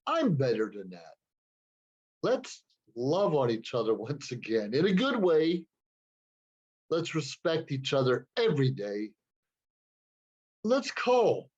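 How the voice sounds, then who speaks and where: Husky man preaching earnestly to camera. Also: a little high, a little mellow, dull audio. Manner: earnest, moralizing, repeats words while thinking. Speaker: show host. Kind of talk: preachy solo talk to camera. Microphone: computer camera.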